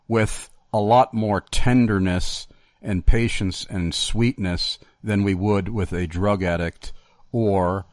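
A man hosting a show, reading listener questions aloud in an unhurried, slightly hesitant way. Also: deep voice, darkish tone, no echo, clean studio sound.

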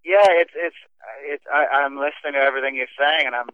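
A man's voice: medium pitch, fairly even intonation, fast talker, no room sound. A male guest with a mid-Atlantic accent, between British and American, talking earnestly and wryly on a radio show over the phone. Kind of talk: casual radio talk show conversation. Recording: tinny phone line.

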